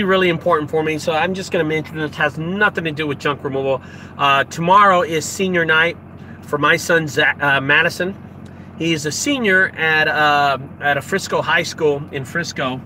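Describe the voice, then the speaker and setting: A man's voice: on the high side, noisy background. A middle-aged man, chatting casually and a little rambly on a live stream, talking straight to his viewers from outdoors by a dumpster into a handheld phone. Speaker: junk removal business owner streaming live.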